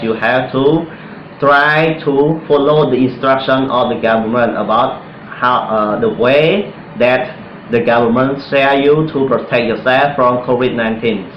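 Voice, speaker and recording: Slow, repetitive male English teacher. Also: medium pitch. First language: Khmer. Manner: repeats "yes" often, non-native English phrasing. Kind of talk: slow classroom explanation of grammar. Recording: echoey room, dull lo-fi sound, faint noise.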